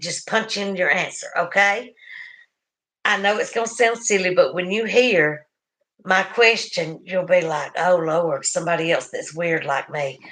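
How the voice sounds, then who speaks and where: A middle-aged woman with a Southern US accent hosting a casual livestream, chatting warmly with viewers and laughing often. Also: on the low side. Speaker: livestream host.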